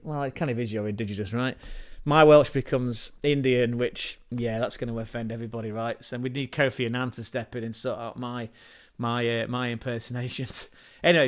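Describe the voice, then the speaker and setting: Man, livestream host, casual chat, scatterbrained, digressive, self-deprecating, chuckles, mid-range voice. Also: mid-range voice. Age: adult parent.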